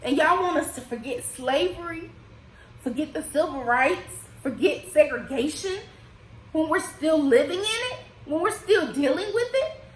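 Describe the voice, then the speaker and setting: A high-voiced woman from the United States talks straight to camera in an impassioned personal vlog. Her casual speech swells and drops with emotion. The echoey room adds a roomy ring to her voice. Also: lively intonation, a little slow. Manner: emotional, rising and falling with feeling, Southern-tinged casual speech. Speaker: vlogger. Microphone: desk microphone.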